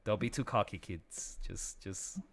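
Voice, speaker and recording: Laughing, animated man telling a story. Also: on the low side, gravelly. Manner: animated, laughs often, quick restarts. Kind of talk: casual conversational storytelling.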